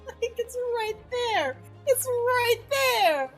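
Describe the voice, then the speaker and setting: A woman's voice: extremely high pitch, animated, slow, faint music behind. A woman keeping a streamer company, teasing and giggly.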